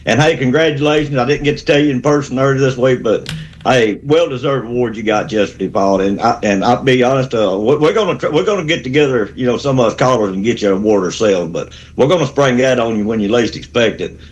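A man's voice: mid-range voice, quick pace. A man, calling a sports radio show with a rambling, fired-up pep talk. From Alabama. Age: 60s. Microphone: phone call.

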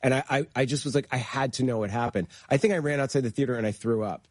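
Fast-talking excitable man telling stories. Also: medium pitch, dry recording. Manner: fast, excitable, acts out quoted voices. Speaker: horror film producer and director guest. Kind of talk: animated storytelling in conversation.

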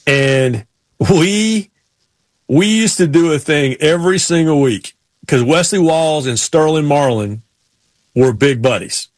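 Male podcast host, casual storyteller, fairly high voice, dry close sound. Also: lively intonation, slow, dry recording. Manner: storytelling, imitates drawling racers. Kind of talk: casual sports chat.

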